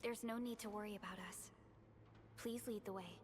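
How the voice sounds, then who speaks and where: An actress playing a calm, composed young female companion in a video game, speaking in a measured way. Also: mid-range voice, slight background noise, close to an everyday voice. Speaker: game character.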